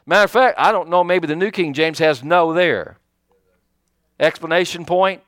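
A man preaching a sermon as pastor, in a folksy, animated way with many fillers and restarts. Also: a little high, normal speed, no room sound, clean studio sound.

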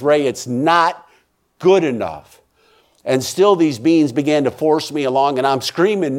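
A man who is a minister, telling an emotional personal testimony, repeating phrases for emphasis and swinging from loud pleading to hushed tones. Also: on the high side, a little slow.

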